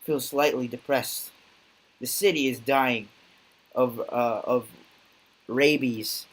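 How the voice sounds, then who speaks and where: A man voicing a grim, terse male vigilante reading his own journal, in a flat, halting, clipped way. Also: medium pitch, breathy edge, rough recording. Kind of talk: amateur dramatic reading.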